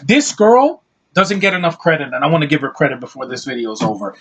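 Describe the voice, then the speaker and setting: A man's voice: on the high side, expressive, fast talker, noisy background. A man reviewing a movie in a heated, profane rant, blunt and scornful throughout.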